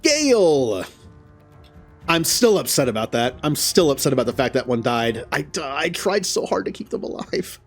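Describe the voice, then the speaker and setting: A man commentating a game as he plays, jumping from easy chatter to loud, high yelps whenever a fight turns bad. He talks straight to the characters on screen, with faint game music underneath. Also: moderate pace. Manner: excitable, yelps loudly at setbacks. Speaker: gaming channel host. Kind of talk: live gameplay commentary.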